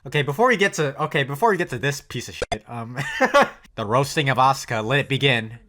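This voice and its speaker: A man reacting to an anime episode in a casual, joking way. He bursts in loudly and often swears, with quick, blunt remarks. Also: medium pitch. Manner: loud, jokey outbursts with swearing. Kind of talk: casual commentary.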